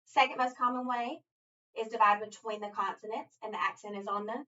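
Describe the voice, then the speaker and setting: Bright-voiced woman teaching phonics, heard from afar. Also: a little high, steady tone, brisk. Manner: encouraging, step-by-step instruction. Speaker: reading teacher. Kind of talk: phonics tutoring lesson. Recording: distant dull lo-fi recording.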